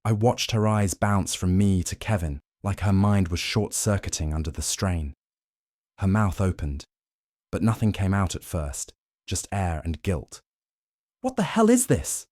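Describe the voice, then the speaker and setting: Deep voice guy reading a first person drama story, calm and clipped, dry sound. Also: unhurried, no room sound. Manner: calm, terse. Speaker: narrator.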